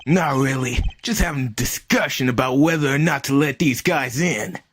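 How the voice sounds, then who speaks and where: A woman's voice: rumbling low, moderate pace, a little hiss or hum. A woman chatting playfully while streaming a game. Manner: giggly, playful. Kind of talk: casual chat while playing a game.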